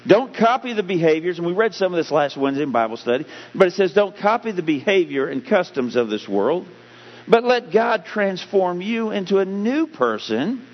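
A man preaching a sermon as pastor, animated, getting louder and slower to stress his points. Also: high-pitched. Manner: animated preaching, rising loud and slowing for emphasis. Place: church sanctuary. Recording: dull, humming church hall recording.

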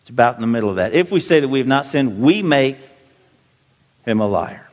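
A man teaching a Bible passage as a pastor, slow and emphatic, repeating key words for his listeners. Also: medium pitch, lively intonation. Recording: dull, roomy hall sound.

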